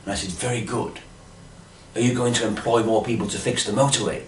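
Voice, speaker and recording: A man's voice: lowish voice, steady tone, a little fast, roomy sound, far from the mic, a little hiss or hum. A man telling a rambling comic monologue in a dotty, fussy manner, full of "you see" asides. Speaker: comic storyteller.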